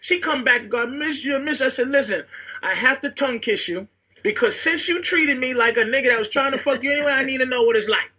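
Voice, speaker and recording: Brash man with a high, bright, raspy voice. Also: fast, muffled recording. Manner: brash, blunt, laughing through his story. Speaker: comedian on a radio show clip. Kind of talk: loud storytelling advice.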